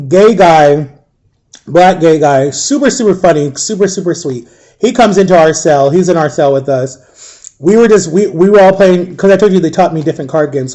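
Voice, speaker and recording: A man telling a painful personal story in a candid, subdued way, halting and full of fillers and restarts. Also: a little high, dark tone. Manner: emotionally shaken, subdued. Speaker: storyteller recounting a personal ordeal.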